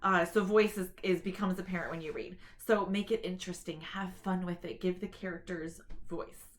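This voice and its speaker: A woman with a lowish, fairly even voice talks informally to camera, offering tips on reading aloud to children. She's chatty and explanatory, slipping in quick read-aloud demonstrations.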